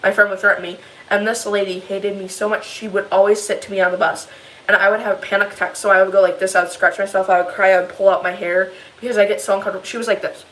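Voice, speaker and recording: A teenage girl talks straight to her viewers in a casual vlog. She rambles through a long story, upset and animated. Her voice sits at an ordinary middle pitch. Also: fast talker, low-quality recording. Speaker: vlogger.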